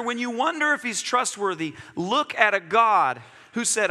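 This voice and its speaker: Animated bright-voiced male pastor in a hall. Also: high-pitched, normal speed, few pauses. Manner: animated storytelling with acted-out dialogue. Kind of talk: sermon. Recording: long hall reverb.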